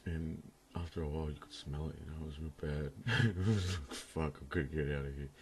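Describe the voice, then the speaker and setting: A man's voice: a bass voice, fairly quick, darkish tone, slight background noise. A young man telling a crude story to his camera at home, rambling and laughing often as he talks. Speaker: vlogger. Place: room at home, indoors.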